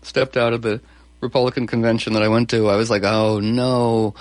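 A man's voice: mid-range voice, brisk, dry recording. Male host rambling eagerly, lots of restarts, dry close sound. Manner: rambling, many restarts, animated. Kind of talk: enthusiastic interview talk.

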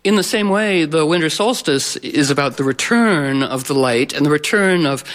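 Rambling, playful man, slightly high voice. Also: expressive, normal speed, fairly bright tone. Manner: rambling and playful, with many fillers and restarts. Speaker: astrologer giving a talk. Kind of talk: informal talk to a live audience.

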